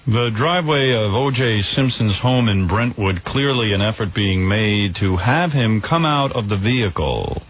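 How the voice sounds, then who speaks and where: A man impersonating a sleepy, dopey TV news anchor, reading slowly and solemnly. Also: on the low side, lively intonation, a little hiss or hum, close to an everyday voice. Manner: slow, solemn newsreader delivery. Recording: tinny phone-like radio audio.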